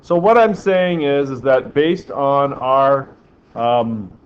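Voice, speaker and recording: A man's voice: medium pitch, slow. A man teaching a physics class, quizzing his students and making dry joking asides. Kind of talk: classroom lecture. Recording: slightly dull classroom recording with faint background hiss.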